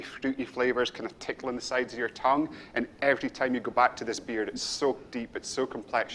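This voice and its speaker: A man's voice: mid-range voice, fairly bright tone. Scottish man, live-stream tasting host, enthusiastic and chatty, faint background noise. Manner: enthusiastic, storytelling, guides viewers step by step. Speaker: brewery co-founder leading a beer tasting. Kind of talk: live-streamed casual presentation.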